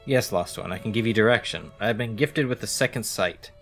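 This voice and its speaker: A cryptic, solemn street fortune teller speaks in riddles about fate and memory, as a man reads the part aloud. The voice is low and gravelly. There is faint music underneath. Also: brisk, a bit bright.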